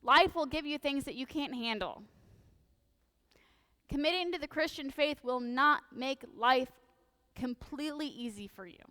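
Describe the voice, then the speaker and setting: Bright-voiced woman preaching with jokey asides. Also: sits high, big-room sound. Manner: animated, jokey, sarcastic asides. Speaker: priest. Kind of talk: lively humorous sermon. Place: church sanctuary.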